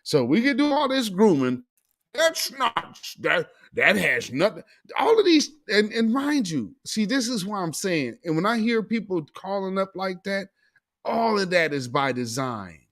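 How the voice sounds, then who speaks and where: A talk show host, a man, delivers an opinionated monologue in a somewhat high voice. He speaks slowly and his pitch swings widely. He is emphatic and sarcastic and calls his listeners family. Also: sing-song, fairly bright tone.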